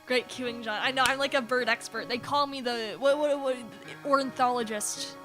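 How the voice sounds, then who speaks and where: A woman's voice: high-pitched, steady tone, moderate pace, music in the background. A young woman playing and reading a visual novel for viewers, joking and sarcastic. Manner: joking and sarcastic, mock-serious. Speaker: gamer. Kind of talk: let's play commentary.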